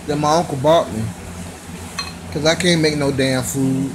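A man's voice: on the high side, fairly even intonation, unhurried, noisy background. A young man doing an exaggerated, profane comic rant to camera from his bed. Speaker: comedy vlogger. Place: bedroom.

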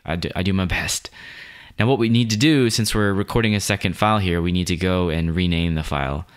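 A man talking through a software tutorial step by step, relaxed and explanatory, as a voice-over. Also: low-pitched, clean tone. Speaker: video editing tutorial host. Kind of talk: screen-recorded software tutorial.

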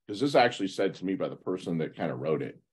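A man hosting a podcast interview, enthusiastic and motivational, quick with effusive praise. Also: low-pitched, very animated, a little mellow, breathy edge. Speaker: podcast host.

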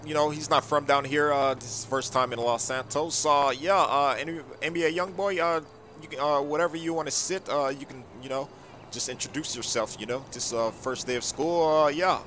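Bright-voiced hesitant role-play teacher man. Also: on the high side, steady tone, normal speed, slight background noise. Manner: hesitant, full of uh fillers and restarts.

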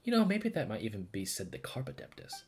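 A man doing a gruff teasing village uncle. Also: lowish voice, wildly swooping pitch, fast talker, a little mellow, full character voice.

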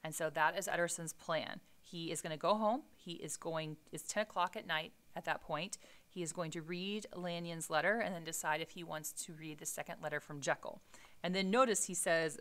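A woman's voice: deep voice, steady tone, normal speed, a bit bright. A woman teacher reading a classic novel aloud and stopping to explain it, casual and explanatory with frequent "um" and "right?".

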